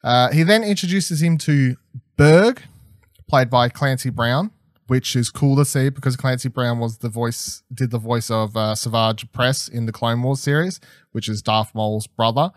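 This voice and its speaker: A man's voice: mid-range voice, normal speed, no room sound, clean studio sound. A young man chatting casually as a podcast co-host, enthusiastic and rambling, with plenty of fillers and restarts. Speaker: podcast co-host reviewing a TV episode. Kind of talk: casual chat.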